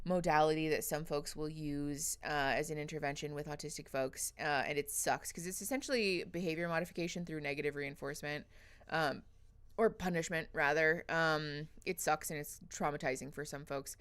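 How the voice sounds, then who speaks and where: A woman's voice: low voice, fairly even intonation, moderate pace, fairly bright tone, smooth. A woman hosting a casual livestream, chatty and emotional, reading viewers' names aloud with frequent laughs. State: teary after crying. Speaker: livestream host.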